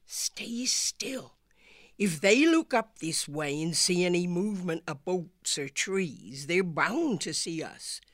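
A man voicing a cautious shrew giving hushed, urgent warnings in whispered role-play. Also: high voice, animated, takes it slowly, dry recording, studio quality, pitched above the performer's own voice, exaggerated voice. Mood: tense. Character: cautious shrew boat leader.

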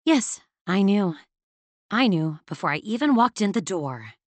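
A woman's voice: medium pitch, big pitch swings, unhurried, no room sound. A woman voicing an icily resolved young woman. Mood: hurt, resolved. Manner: quiet, controlled, icy. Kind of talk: audiobook character voice.

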